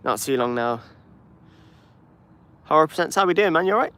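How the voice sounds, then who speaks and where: This plane-spotting livestream host from Birmingham, England, has a somewhat high, slightly bright voice with lively intonation and a moderate pace. He chats casually with viewers, easygoing as he reads their messages and responds.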